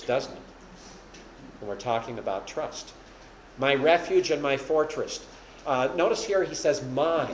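Man, Bible teacher, questioning the listeners, roomy reverb, faint background hum. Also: mid-range voice. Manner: asks the audience questions, explains patiently. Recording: echoey room with faint hum.

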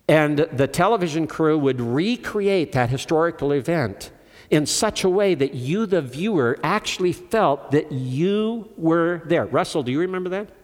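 An older man preaching a sermon emphatically, asking his listeners questions and calling on them. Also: on the high side. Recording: long hall reverb.

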